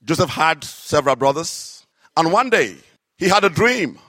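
A man preaching a sermon, telling stories with animated, drawn-out emphasis on key phrases. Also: a little high, dry recording, clean studio sound. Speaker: works alongside a psychiatrist in an office.

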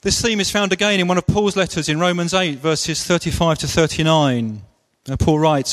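A man preaching a sermon with slow, deliberate, emphatic phrasing. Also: fairly high pitch, a bit bright. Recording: long reverb of a large hall.

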